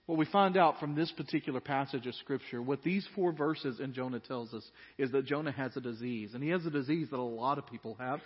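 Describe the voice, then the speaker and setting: A man's voice: mid-range voice, a little fast, hardly any pauses, slightly rough. A male pastor preaching a sermon in a church hall, dramatically acting out complaints and asking the room questions. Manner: animated, voicing Jonah's complaints dramatically. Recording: dull lo-fi sound with long hall reverb.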